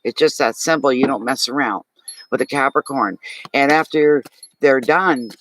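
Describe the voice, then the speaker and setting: Man, Maritime Canadian accent, live tarot reading, chatty, mid-pitched, dry close sound. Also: moderate pace, no echo, low-quality recording. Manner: chatty and animated, talks straight to viewers. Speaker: tarot reader.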